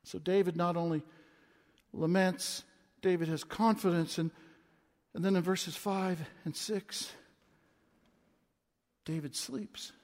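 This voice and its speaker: Young guy preaching in a church, really high voice, big echoey hall, goes loud then quiet. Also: fairly even intonation, slow, pauses often. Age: 20s. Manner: impassioned preaching, swinging from loud to hushed. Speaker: pastor. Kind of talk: sermon. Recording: long reverb of a large hall.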